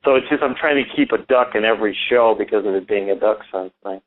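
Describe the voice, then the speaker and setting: A man's voice: fairly low pitch, fast. A man who is a ventriloquist and school speaker, talking enthusiastically as a radio guest, rambling with many restarts. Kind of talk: casual radio interview. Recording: tinny phone-line sound.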